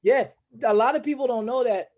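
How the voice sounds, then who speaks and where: A man's voice: extremely high pitch, brisk, a little mellow. A man in casual chat, laid-back and joking, with casual swearing. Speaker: guest artist.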